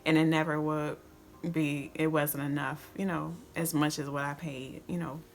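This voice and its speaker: Soft-spoken woman vlogger, reflective. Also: sits low, level tone, slight background noise. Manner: soft, reflective, halting with restarts. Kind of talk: story-time vlog to camera.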